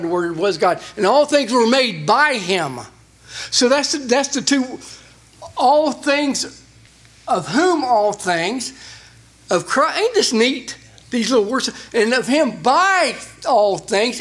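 A man preaching a sermon, reading scripture and explaining it with rising emphasis. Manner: animated, rising in pitch when emphasizing. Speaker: pastor.

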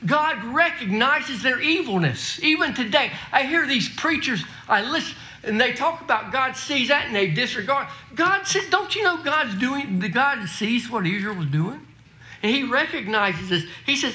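A man's voice: very high voice, animated, normal speed, pushed and bright, echoey room. A man preaching a sermon, emphatic and folksy, reading scripture aloud with frequent restarts.

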